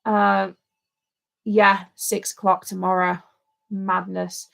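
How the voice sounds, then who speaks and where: A woman's voice: mid-range voice, little pitch movement, slow pace, gravelly. A woman co-hosting a livestream in casual, rambling chat. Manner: chatty and rambling. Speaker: livestream co-host.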